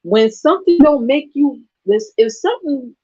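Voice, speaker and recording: Sassy, profane woman with lively pitch. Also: normal speed, no room sound. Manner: blunt, sassy, profane, laughs often. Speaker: channel host. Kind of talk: casual vlog rant. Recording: slightly dull lo-fi sound.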